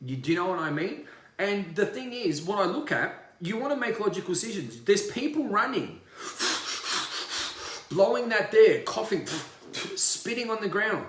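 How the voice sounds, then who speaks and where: A man's voice: high-pitched, big pitch swings, moderate pace, a bit bright, reverberant. A man, a spiritual coach, ranting in a livestream monologue, emphatic and profane and repeating himself.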